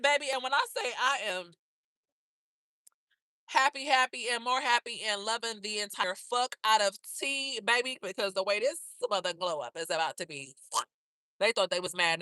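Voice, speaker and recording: A woman's voice: mid-range voice, pushed and bright, no echo. A woman hosting a live stream, chatting casually with viewers in a brash, profane, gossipy way and calling them girl, baby and honey.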